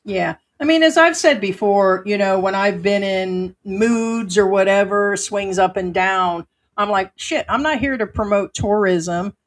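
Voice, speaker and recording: A woman's voice: mid-range voice, unhurried, few pauses. A woman hosting a casual live stream from home, talking bluntly and swearing freely as she reads viewer comments.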